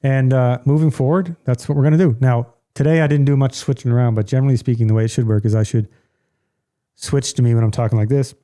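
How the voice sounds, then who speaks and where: A man's voice: mid-range voice, fairly even intonation, quick pace, warm tone. A middle-aged man hosting a casual podcast from home, blunt and ranting, with a joking streak. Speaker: podcast host.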